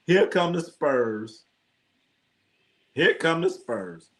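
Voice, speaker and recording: A man's voice: a little high, expressive, slow pace, long pauses, a bit bright. A man hosting a live sports stream, rambling and swearing casually as he reacts to scores and talks to his chat. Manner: rambling, profane, talks to chat, tells jokey anecdotes. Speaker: sports livestream host.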